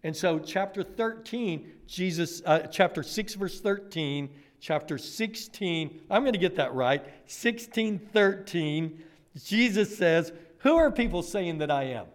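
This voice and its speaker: A man preaching a sermon, retelling scripture with lively storytelling and speaking directly to children. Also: high voice, a little slow. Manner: animated storytelling, addresses kids directly.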